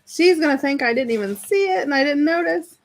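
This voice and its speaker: Woman, chatty livestream host, fairly high voice, friendly and laughs easily. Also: lively intonation, fairly quick. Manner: chatty, friendly, laughs easily, reads viewers' comments aloud. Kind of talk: casual chat with live viewers.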